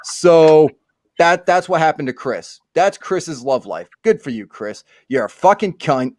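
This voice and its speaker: Profane ranting man, fairly high voice. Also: lively intonation, measured pace, a little mellow, no room sound, clean studio sound. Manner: profane, ranting, stammering restarts. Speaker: podcast host and author. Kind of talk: crude comedic storytelling.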